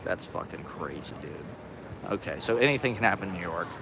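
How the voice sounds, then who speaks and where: A stoned man streams live from a city street using a phone on a selfie stick, rambling, cursing and frequently laughing over the noise of busy traffic. He sits low in pitch with vocal fry, lively intonation and a slightly fast pace.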